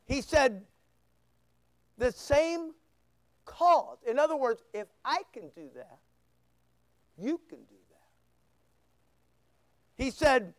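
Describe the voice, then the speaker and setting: A male pastor preaching a sermon, firing rhetorical questions and sharp asides at his congregation. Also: very high-pitched, sing-song, drawn-out words, pauses often, no room sound. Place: church.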